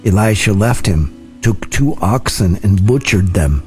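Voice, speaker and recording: A man reading scripture aloud in a slow, deliberate, soft-spoken way. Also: on the low side, animated. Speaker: scripture reader. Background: soft guitar music.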